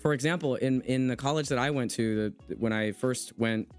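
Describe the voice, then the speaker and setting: A man's voice: mid-range voice, moderate pace, faint music behind. A young man from the United States hosting a casual conversation, talking earnestly and with emphasis. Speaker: podcast host. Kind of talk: casual conversation, reading chat comments.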